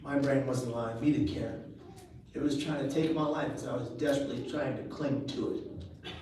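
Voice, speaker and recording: A man giving a live motivational speech to a crowd, telling a personal story with earnest pauses and quick jokes, his voice rising high and loud at dramatic moments. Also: fairly even intonation, slight background noise. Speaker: public speaker. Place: large event room. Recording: echoey live room recorded from far off.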